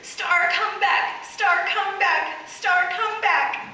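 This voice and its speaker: A woman's voice: a little slow, slight background noise, exaggerated voice. A woman voicing an eager young boy who pleads and calls after his runaway lamb. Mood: calling out. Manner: pleading, excited, high and stretched out. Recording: echoey church hall from far off.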